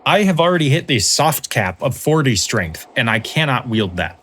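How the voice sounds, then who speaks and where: A man hosting a let's play, explaining game mechanics in a relaxed, casual way with dry humor. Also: mid-range voice, normal speed, breathy edge. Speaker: host, let's play commentator. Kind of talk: casual gameplay commentary.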